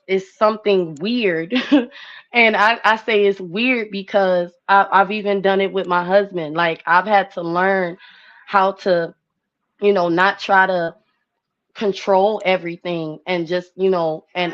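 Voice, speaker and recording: A young woman on a live panel, speaking with emotion close to tears, rambling and repeating words and fillers over a video call. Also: medium pitch. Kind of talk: heartfelt casual testimony. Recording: muffled lo-fi stream audio.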